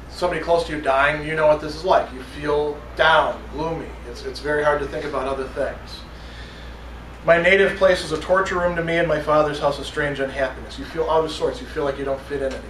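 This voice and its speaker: A man's voice: a little high, a bit bright, a little hiss or hum. A man teaching a college philosophy class in a casual, conversational way, reading passages aloud and explaining them to students. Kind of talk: classroom lecture. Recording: roomy classroom from a distance with faint ambience.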